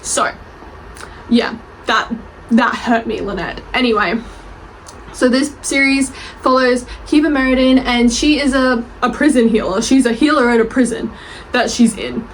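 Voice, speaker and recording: A woman's voice: fairly high pitch, a little slow, a little hiss or hum, rough recording. A young woman chatting in a rambling, gushing way about her favorite books, swearing casually and laughing as she goes. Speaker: book reviewer and author. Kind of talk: casual bookish vlog chat.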